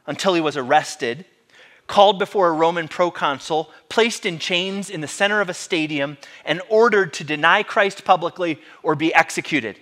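A man's voice: medium pitch, pushed and bright. A male pastor giving a sermon in a conversational, dramatic storytelling way.

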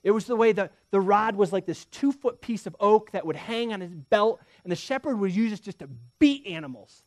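A man in his thirties, serving as pastor, preaches a sermon in a high-pitched, lively voice at a brisk pace, with no echo. He tells stories and speaks straight to the congregation, swinging from loud emphasis down to a hushed near-whisper.

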